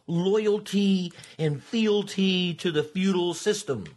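A man's voice: high-pitched, slow, darkish tone. A man co-hosting a podcast in casual chat, teasing and laughing often. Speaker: podcast co-host.

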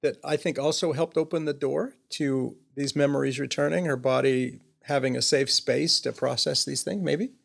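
An older man, a guest, earnestly recounting a personal story, halting and trailing off with fillers. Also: mid-range voice, fairly even intonation, creaky.

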